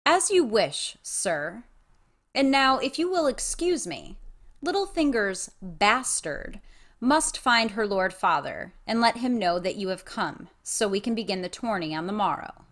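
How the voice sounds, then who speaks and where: A woman playing a proud young noblewoman who hides her feelings behind cool courtesy. Her pitch moves a lot and she speaks slowly. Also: very animated, fairly bright tone. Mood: courteous.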